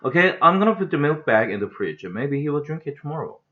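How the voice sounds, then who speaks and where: Gentle patient storybook mother, soft and coaxing, read by a Korean-accented man, dull lo-fi sound. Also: fairly high pitch, very animated, fast talker. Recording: dull lo-fi home recording.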